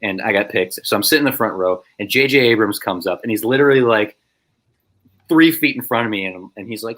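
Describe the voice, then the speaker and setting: Animated male storyteller on a podcast. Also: lowish voice, fast talker. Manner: animated storyteller, acts out voices. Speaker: podcast guest, filmmaker. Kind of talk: casual anecdote telling.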